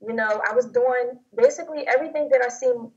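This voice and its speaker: A young woman tells her personal story in a fairly high voice, halting and rambling with lots of fillers and restarts. The audio is dull and lo-fi, like a muffled recording. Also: a little mellow. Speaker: guest sharing testimony. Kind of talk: personal testimony interview.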